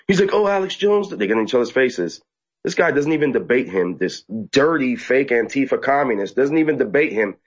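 A man telling an interviewer an animated, excited account, often mimicking people in high, squeaky voices. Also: brisk, husky, lo-fi sound. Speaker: activist guest. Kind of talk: casual storytelling interview.

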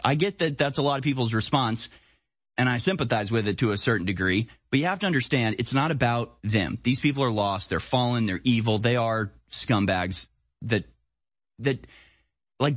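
Husky-voiced man ranting on a stream. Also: medium pitch, dry recording. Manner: blunt, conversational, heated. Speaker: political commentary host. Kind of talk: live-stream political commentary.

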